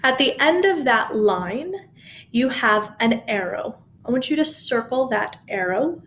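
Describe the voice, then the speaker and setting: Slow-speaking woman teaching choir. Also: a little high, animated, fairly bright tone, a little hiss or hum. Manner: patient, encouraging, counts students in. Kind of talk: recorded music lesson, speaking and singing along. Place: home room with a piano. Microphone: camera mic.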